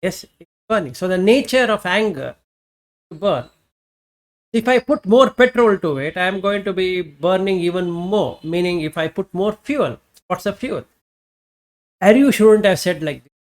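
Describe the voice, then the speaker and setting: Giving an informal Dhamma talk, the teacher asks rhetorical questions and answers them, pausing reflectively along the way. The mid-range voice is animated.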